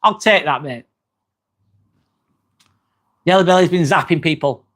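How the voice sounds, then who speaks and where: Voice pitched a little high, this English streamer talks easily into his phone, pausing with frequent ums. Viewer messages get read out and answered with a casual curse here and there.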